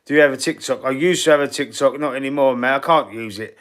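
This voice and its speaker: A man's voice: medium pitch, quick pace, a bit bright. A middle-aged man with a Cockney London accent hosts a football channel's live stream. He rambles casually, reads viewer comments aloud, answers them, and swears now and then.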